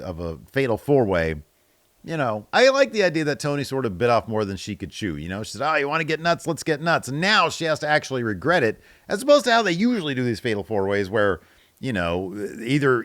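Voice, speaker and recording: Lively, chatty male podcast host. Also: on the low side, no room sound. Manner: chatty, opinionated, laughs at own jokes. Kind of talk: casual reaction commentary reading viewer comments.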